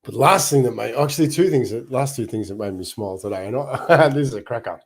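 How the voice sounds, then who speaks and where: A middle-aged man with an Australian accent talks through his day in a relaxed livestream monologue. His voice is somewhat husky and sits at an ordinary pitch. He tells upbeat stories, breaking into laughs and restarting his sentences often. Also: fast. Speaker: not-for-profit founder and livestream host.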